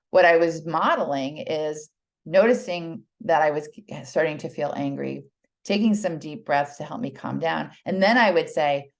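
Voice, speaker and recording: Middle-aged American woman presenter with a low voice, chatty and earnest, lots of ums and restarts. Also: vocal fry. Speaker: presenter, children's mindfulness teacher. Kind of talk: casual public talk.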